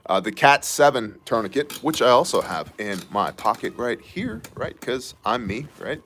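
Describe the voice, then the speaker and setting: A man hosting a casual news commentary show, sarcastic and joking with quick asides. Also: medium pitch, sing-song, a bit bright, slight background noise. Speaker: host of a news brief show.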